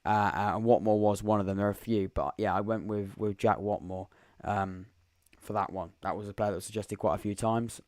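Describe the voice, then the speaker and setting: A man's voice: on the low side, steady tone, fairly quick, darkish tone, dry recording, clean studio sound. A young man hosting a live football podcast, chatting casually and thinking aloud as he reads viewer comments. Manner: rambling, thinks aloud while reading comments. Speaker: podcast host. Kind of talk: live-stream football chat.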